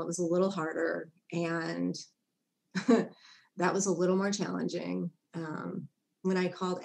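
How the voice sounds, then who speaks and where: A woman's voice: on the low side, creaky, a little mellow. A middle-aged woman, a psychotherapist, telling her own story candidly in an interview, laughing often and acting out her past self. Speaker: guest psychotherapist. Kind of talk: personal story in a podcast interview.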